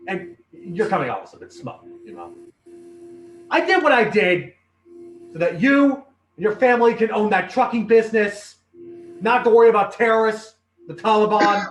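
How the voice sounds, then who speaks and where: An actor playing a bitter male veteran who lost a leg, defensive and at times breaking into anguished shouting, in an amateur virtual stage play. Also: high-pitched, lightly acted. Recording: echoey room with faint noise.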